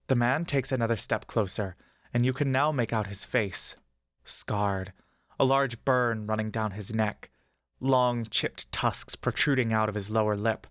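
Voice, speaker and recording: A man's voice: lowish voice, no room sound. Male storyteller with a dry, close voice. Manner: steady, measured storytelling. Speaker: narrator. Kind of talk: second-person fantasy story narration.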